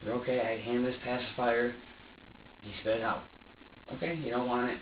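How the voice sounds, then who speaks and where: A man's voice: medium pitch, steady tone, normal speed. Man, agitated, profane, interrogation room, dull muffled sound, faint background hiss. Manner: agitated, profane, quotes his own thoughts aloud. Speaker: suspect in a police interview. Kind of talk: recounting events under interrogation. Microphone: room camera from afar. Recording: distant, echoey, dull interview-room recording.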